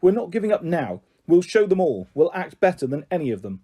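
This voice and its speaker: A man's voice: fairly high pitch, sing-song, a little fast, warm tone, husky, pitched above the performer's own voice. A man reading aloud, voicing a pushy, relentless young girl who bosses her twin sister. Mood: bossy. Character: bossy determined girl twin Ruby.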